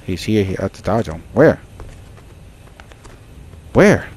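A man giving casual let's-play commentary on a horror game, excitable and jokey, with frequent startled exclamations. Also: low voice, fairly quick, slight background noise. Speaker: gaming channel host.

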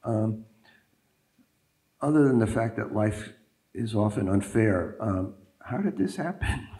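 A man's voice: lowish voice, lively intonation, slow pace, warm tone. A man interviewing an author onstage, hesitant, with many fillers.

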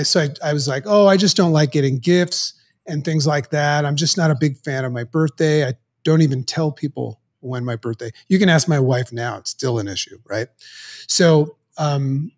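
A middle-aged man, a podcast guest, telling a personal story in an earnest, halting way with many restarts. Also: fairly high pitch.

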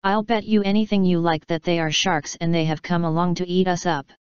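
Storybook earthworm, fretful and gloomy, low-set as read by a woman, muffled studio sound. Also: steady tone, brisk, smooth, no echo, close to an everyday voice. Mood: worried. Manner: worried, wailing.

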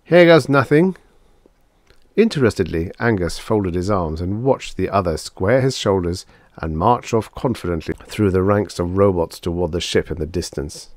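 A man reading a vintage science fiction story aloud in an expressive storytelling manner. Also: low-pitched, moderate pace, dry recording, clean studio sound. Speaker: audiobook narrator. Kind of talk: scripted narration.

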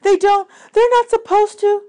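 A woman voicing a brave teenage girl camper, speaking high, loud and insistent in a storybook read-aloud. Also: fairly even intonation, normal speed. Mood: alarmed.

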